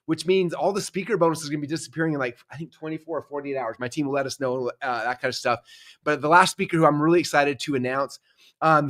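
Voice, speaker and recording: Fast-talking, upbeat male host. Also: fairly high pitch, fairly bright tone. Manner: upbeat, fast, filler-heavy casual talk. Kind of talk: enthusiastic event promo chat.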